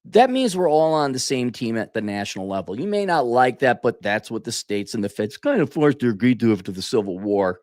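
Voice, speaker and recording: A man's voice: mid-range voice, sing-song, a little fast, hardly any pauses, a little mellow, dry recording, studio quality. A man from Minnesota delivering an opinionated solo commentary, ranting and often correcting himself mid-sentence. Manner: opinionated, ranting, with frequent self-corrections and asides. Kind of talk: opinion monologue.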